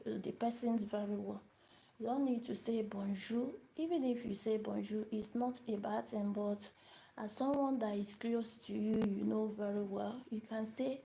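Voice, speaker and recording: Slow, gravelly woman teaching beginners. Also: a little high, warm tone, poor audio. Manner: repeats words and asks the viewers questions. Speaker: language teacher. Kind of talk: live-streamed beginner lesson.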